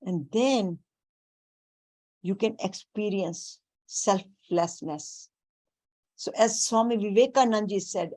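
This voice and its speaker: A woman giving a spiritual talk, speaking deliberately and weaving in Sanskrit and Hindi terms. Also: medium pitch, dark tone. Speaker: spiritual teacher.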